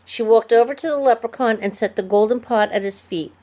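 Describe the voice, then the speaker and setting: A woman narrating a children's chapter book aloud in an expressive storytelling manner. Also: fairly high pitch, a little fast. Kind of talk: scripted narration.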